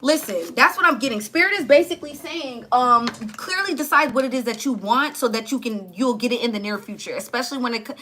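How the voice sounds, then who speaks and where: A woman's voice: fairly high pitch, brisk, hardly any pauses, pushed and bright. A woman giving a live tarot reading, chatty and blunt, talking straight to her viewers. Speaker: tarot reader.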